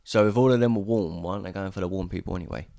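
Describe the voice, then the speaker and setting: A man's voice: low voice, racing, gravelly, dark tone. A man, chatting casually about a film and agreeing easily with his co-host. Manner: easygoing, agreeable, laughs often. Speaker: podcast co-host.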